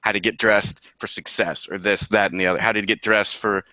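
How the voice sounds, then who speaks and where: A man's voice: lowish voice, fairly even intonation, fairly quick, sharp tone, no echo. A man co-hosting a casual podcast while sick. He swears freely, laughs often and sounds mock-incredulous. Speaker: podcast co-host. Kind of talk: casual chat.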